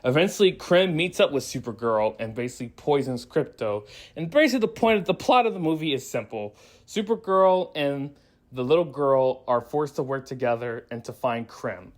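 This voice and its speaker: A man giving a casual spoiler review of a movie, rambling through the plot with frequent restarts and acting out quoted lines. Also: mid-range voice. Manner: laughs and acts out quoted lines.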